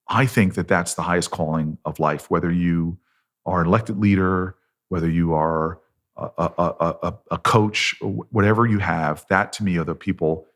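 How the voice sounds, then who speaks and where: A middle-aged man, a senator on a podcast, telling a personal story in an earnest, self-deprecating way. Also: sits low. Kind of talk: conversational storytelling.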